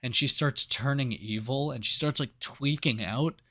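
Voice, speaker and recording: A man's voice: mid-range voice, moderate pace. Man ranting casually about a movie. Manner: swears freely, retells scenes with animated voices. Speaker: podcast co-host. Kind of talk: casual movie review chat.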